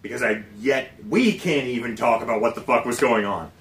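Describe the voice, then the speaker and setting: A man co-hosting a casual chat about movies, animated and swearing, pushing his voice up for emphasis. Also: medium pitch, brisk. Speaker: co-host. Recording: roomy sound from a distant mic, faint noise.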